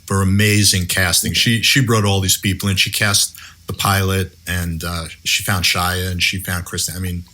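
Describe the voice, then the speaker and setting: A man with a lowish voice that still comes across bright and forceful reflects on his past work. He speaks in a measured way, with fillers and restarts, in a relaxed podcast conversation. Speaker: executive producer and head writer.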